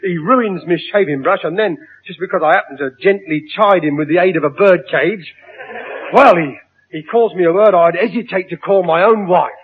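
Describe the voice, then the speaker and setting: A man's voice: high-pitched, moderate pace, husky. A man playing a pompous, huffy older father in a radio comedy, sarcastic and blustering. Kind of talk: 1950s radio comedy acting. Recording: tinny old radio broadcast with hiss.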